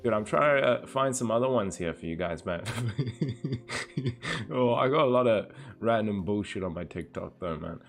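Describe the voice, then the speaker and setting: A man's voice: on the low side, expressive, measured pace, vocal fry. A man livestreaming in a casual, laid-back way, greeting viewers by name and reading chat aloud.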